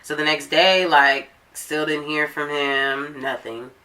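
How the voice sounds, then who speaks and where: Low bright-toned woman ranting thru a storytime, cussing a lot, super casual. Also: steady tone, slow. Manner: chatty, profane, emphatic storytelling. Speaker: vlogger telling a story.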